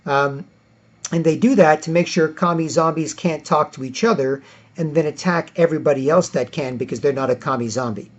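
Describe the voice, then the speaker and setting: Rambling man, higher voice. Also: a little fast, dull audio. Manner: rambling, repetitive, emphatic. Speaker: political vlogger. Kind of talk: political rant monologue.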